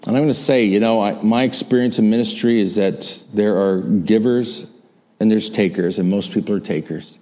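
A man's voice: fairly low pitch, fairly even intonation, normal speed, dark tone. A middle-aged male pastor preaching a sermon and leading a prayer in an emphatic, repetitive cadence.

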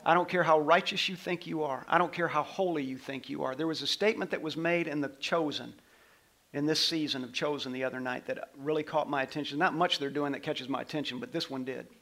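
A middle-aged man, a pastor, preaching a sermon and telling a story, swinging from loud passages to hushed ones. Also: a little high, a little fast.

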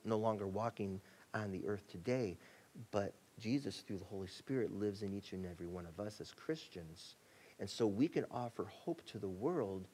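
A male pastor preaching a sermon in a conversational way, acting out quotes and shifting between excited bursts and quiet, soft passages. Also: on the low side, slight background noise. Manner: conversational preaching, acts out quotes, rising and dropping to a hush.

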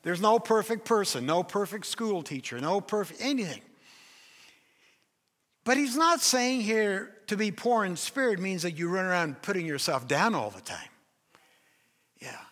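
Brief: older male pastor, high bright voice, emphatic sermon, long hall reverb. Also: expressive, moderate pace, pauses often. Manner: emphatic preaching, acts out quoted voices.

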